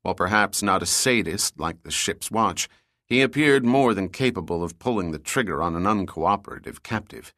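A man narrating an adventure novel audiobook in a measured, even storytelling manner. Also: sits low, dry recording, studio quality.

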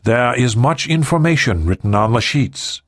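A man voicing a gentle, soothing older male spiritual leader in an audiobook. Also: mid-range voice, lively intonation, dry recording, clean studio sound. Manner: soothing, unhurried.

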